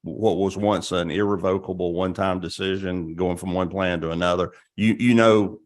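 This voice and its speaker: A man's voice: low voice, fairly even intonation, normal speed. A man on a legislative committee asking a question, stammering and repeating words as he goes. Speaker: committee member.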